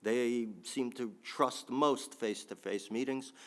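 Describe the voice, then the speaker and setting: A man's voice: mid-range voice, takes it slowly. A man giving a think-tank panel talk with frequent ums and restarts, adding dry asides.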